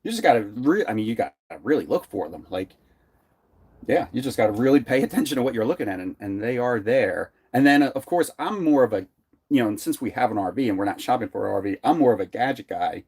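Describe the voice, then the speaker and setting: A man's voice: medium pitch, animated, fast talker, darkish tone, breathy edge. Chatty man with a Philly accent. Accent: Philadelphia. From Philadelphia. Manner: rambling, friendly, laughs often. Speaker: RV vlogger co-host. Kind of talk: casual chat.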